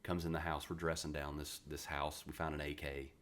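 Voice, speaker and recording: His voice is extremely low and fairly quick: a retired Marine from West Virginia, USA, in his forties, guesting on a podcast. He swaps stories in a casual interview, blunt, animated, and freely profane.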